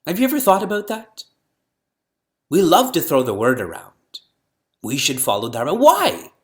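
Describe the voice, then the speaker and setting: A middle-aged man, a spiritual teacher, lecturing on scripture to an audience, firing rhetorical questions and chanting verses slowly. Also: a little high, huge pitch swings.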